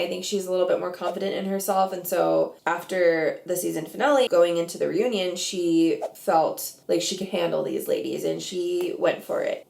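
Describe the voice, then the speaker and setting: A woman in a casual reaction vlog, chatting her opinions and saying "like" constantly. Her voice is dark and gravelly with plenty of fry. The room around her sounds echoey. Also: on the low side. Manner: chatty, opinionated, heavy use of "like". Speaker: reality TV commentator.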